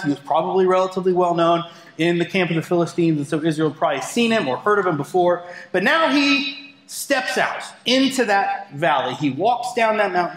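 A man's voice: high-pitched, a bit bright. A man preaching a sermon as pastor, talking conversationally with playful asides. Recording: echoey hall with long reverb.

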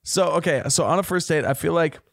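A man chatting casually on a podcast as host, telling stories in an animated way and often checking in with "right?". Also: on the high side, fast talker, creaky, no room sound, studio quality. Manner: animated storytelling, frequent "like" and "right?". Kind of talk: casual chat.

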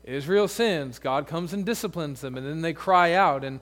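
A man's voice: a little high, moderate pace, a bit bright. A male pastor preaching a sermon in a conversational way, full of asides and rhetorical questions.

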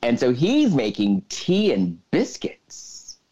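Man eagerly recapping a plot, lively pitch. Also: slow pace, husky, lo-fi sound. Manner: retells the plot at length with many "so then" fillers. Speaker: podcast co-host. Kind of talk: casual chat.

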